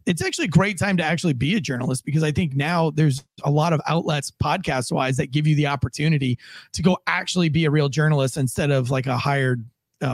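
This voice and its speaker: Ex-cop guy on a podcast, kinda high voice, keeps restarting, super dry audio. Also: no echo. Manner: rambling, restarts a lot, acts out quoted tones. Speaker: podcast co-host, former police officer. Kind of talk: casual podcast chat.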